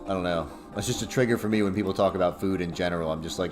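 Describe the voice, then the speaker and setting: A man's voice: deep voice, rapid-fire. A young man chatting casually and profanely on a livestream, rambling and laughing often. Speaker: streamer. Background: music playing.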